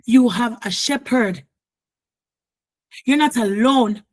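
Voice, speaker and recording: A woman preacher delivering a fervent sermon, repeating phrases and often raising her voice to a shout. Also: fairly high pitch, takes it slowly.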